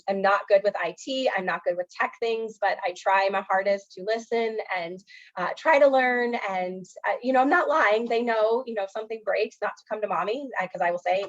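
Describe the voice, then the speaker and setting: An earnest woman counselor gives an educational presentation, her mid-range voice scattered with "um" and "you know". The sound is slightly dull and lo-fi, like a webinar recording. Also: mid-range voice. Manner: earnest, filler-heavy, often says "um" and "you know".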